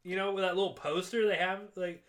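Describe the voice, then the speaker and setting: A man's voice: high voice, a little fast, crowd noise. A man casually recapping a movie with a co-host, swearing a lot and acting out the characters' lines. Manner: excitable, profane, acts out quotes. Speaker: podcast co-host.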